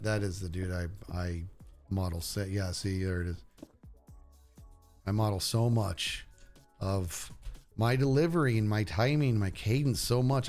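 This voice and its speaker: Talking to his stream audience in a relaxed way, this middle-aged man has a fairly low, slightly mellow voice. He gushes about his favorite shows, wandering off track and interrupting his own sentences.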